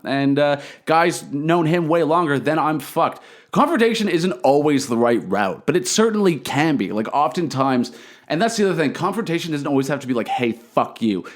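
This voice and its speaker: A young man, a comedian hosting his own podcast, telling a story in a casual, profane monologue and acting out the quotes. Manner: profane, animated, acts out quotes with raised pitch.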